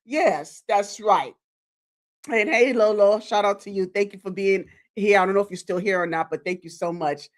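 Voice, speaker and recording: A woman content creator hosting a live stream, talking directly to her viewers in a chatty, animated way. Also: medium pitch, normal speed. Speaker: YouTube content creator celebrating her channel anniversary.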